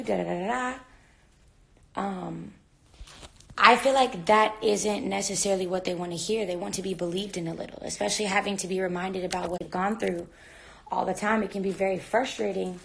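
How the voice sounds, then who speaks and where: Gravelly woman rambling on a live stream. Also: medium pitch, normal speed. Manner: rambling, full of "like" fillers; talks while packing a bag. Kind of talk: casual live-stream chat. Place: hotel room. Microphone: phone.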